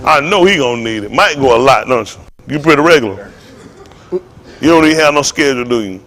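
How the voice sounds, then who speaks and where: A man preaching to a congregation in a joking, storytelling way, laughing and shouting often. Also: medium pitch, lively intonation, fast talker. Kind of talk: comic sermon talk to a congregation.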